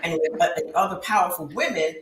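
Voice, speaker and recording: Lady in her 30s preaching her story in an interview, kinda low voice, roomy echo. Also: brisk, crowd noise. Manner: impassioned, preacher-like cadence. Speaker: guest talk show host. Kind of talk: emotional testimony in interview. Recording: roomy echo with faint background hiss.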